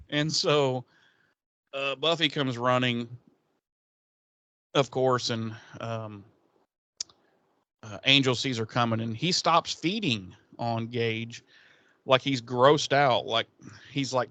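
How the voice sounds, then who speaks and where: A man retells an episode in loose, salty podcast chatter, often breaking into laughter. His voice sits at an ordinary pitch. The recording is dry and close, with no room sound. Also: dry recording. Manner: profane, laughing, animated storytelling. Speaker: podcast co-host. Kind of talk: casual episode recap.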